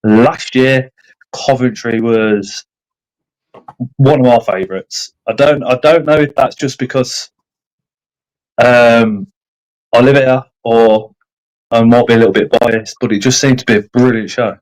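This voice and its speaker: A man's voice: medium pitch, fairly even intonation, measured pace, pauses often, a little mellow, poor audio. Chatty man hosting a stream. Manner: chatty, self-deprecating, reads out comments. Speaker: livestream host. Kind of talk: casual live chat. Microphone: streaming setup.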